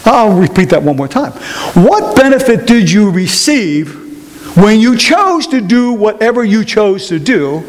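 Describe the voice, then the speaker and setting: High-voiced preacher in a reverberant hall. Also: male voice, very animated. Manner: questions the audience, repeats key phrases, slow emphatic delivery. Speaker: pastor. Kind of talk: sermon to a congregation. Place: church sanctuary.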